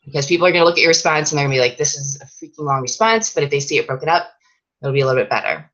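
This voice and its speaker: A woman's voice: deep voice, racing, fairly bright tone, muffled recording. A woman fitness coach giving a casual, chatty training talk to her sales team, with plenty of fillers and restarts.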